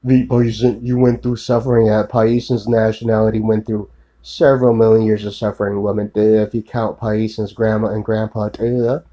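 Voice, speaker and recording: A man's voice: on the low side, flat delivery, moderate pace, warm tone, highs cut off. A man in a rambling solo monologue, ranting profanely and accusingly, repeating filler tags and addressing an unseen woman.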